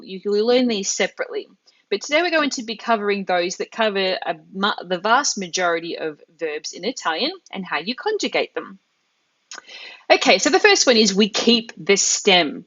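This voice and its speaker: A woman teaching a live online language lesson, explaining step by step and slowing down to say each foreign word clearly. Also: medium pitch, a bit bright, no room sound, muffled recording. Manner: clear step-by-step explaining, slows down on Italian words. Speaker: Italian teacher.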